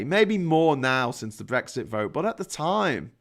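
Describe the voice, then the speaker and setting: A man's voice: medium pitch, big pitch swings, a little slow, gravelly, few pauses. A man with a Liverpool accent, hosting a casual monologue, rambling through stories with restarts and mild swearing. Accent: Liverpool English. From England. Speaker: host.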